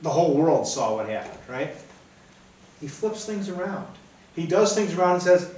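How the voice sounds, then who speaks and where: A man's voice: a little high, very animated, moderate pace, darkish tone. Echoey man preaching from afar. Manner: conversational, keeps asking "right?". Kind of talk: sermon. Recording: very echoey room, mic far off.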